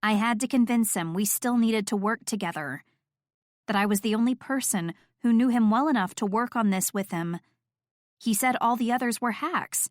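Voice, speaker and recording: A woman narrating a first-person romance audiobook in an even, wry, reflective reading. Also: a little high, moderate pace, no room sound, clean studio sound.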